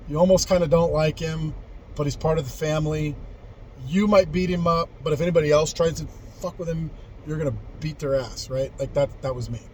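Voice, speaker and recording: Man in his forties, slightly high voice, rambling personal storytelling, blunt and profane, faint background noise. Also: darkish tone, poor audio. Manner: rambling and candid, with frequent profanity and restarts. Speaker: vlogger telling life stories.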